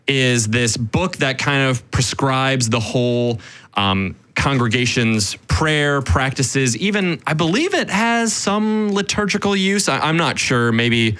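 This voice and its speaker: A man co-hosting a casual history podcast, telling the story in an animated way with quick quoted asides and frequent "right?". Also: medium pitch, clean tone. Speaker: podcast co-host.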